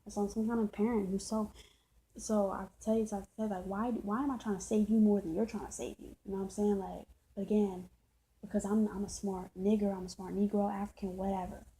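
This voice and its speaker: Woman vlogger, heated to-camera monologue, swears freely, mid-pitched, mellow timbre. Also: level tone, fast talker, rough recording. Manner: heated, preachy, profane, repeats points. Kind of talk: impassioned rant to camera.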